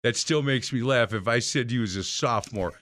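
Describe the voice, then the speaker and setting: A man hosting a radio sports and faith show in casual interview style, talking with warm laughs and many stumbling restarts. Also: mid-range voice, brisk, no echo.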